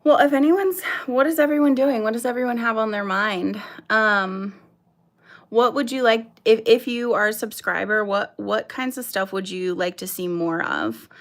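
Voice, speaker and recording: A woman's voice: mid-range voice, a little slow, a bit bright. A woman in her thirties hosting her first casual livestream, chatting nervously and apologetically with lots of fillers while greeting viewers. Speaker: livestream host.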